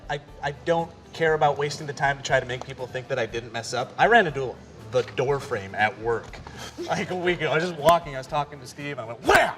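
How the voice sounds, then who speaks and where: A man host in a casual panel chat, an excitable storyteller. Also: medium pitch, quick pace, soft background music. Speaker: show host.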